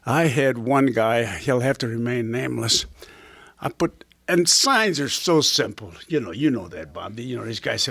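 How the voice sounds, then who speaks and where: A man's voice: mid-range voice, lively intonation, moderate pace, vocal fry, fairly bright tone, no room sound. An older man, a former catcher and broadcaster, telling rambling baseball anecdotes with punchlines to a small audience. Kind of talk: casual storytelling to a small audience.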